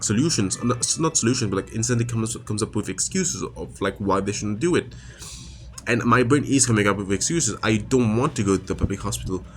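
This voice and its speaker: A man's voice: on the low side, slight background noise. A man talking straight to camera in a personal confessional monologue. He is emotionally raw and frustrated, and his speech halts with many restarts and fillers. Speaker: vlogger.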